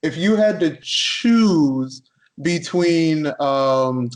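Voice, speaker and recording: Slow, hesitant male co-host, lively pitch. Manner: slow, hesitant, with many fillers. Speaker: podcast co-host. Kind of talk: casual podcast chat.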